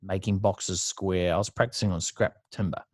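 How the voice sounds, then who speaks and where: A man's voice: deep voice, steady tone, normal speed, no echo, clean studio sound. A man in his thirties with an Australian accent, telling stories as a guest in a casual interview, blunt and chatty, swearing freely. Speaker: guest entrepreneur.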